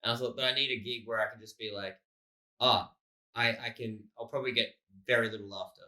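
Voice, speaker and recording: A man's voice: fairly low pitch, fairly even intonation, quick pace, pushed and bright. An Australian man co-hosting a casual podcast, a rambling storyteller who swears freely and acts out what people said. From Melbourne, Australia. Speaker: podcast co-host, comedian.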